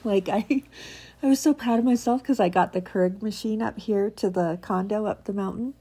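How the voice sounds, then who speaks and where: A woman podcast host with a croaky voice from a cold, chatting casually and then reading a heartfelt piece aloud with emphatic feeling. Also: mid-range voice, normal speed, dark tone. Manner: chatty and self-mocking, reads with emphatic feeling.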